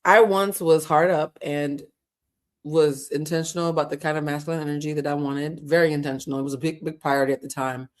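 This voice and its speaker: A woman's voice: low voice, fairly even intonation, brisk. A woman hosting a casual livestream, chatty and laughing often, with a Black way of talking and easy swearing. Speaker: host.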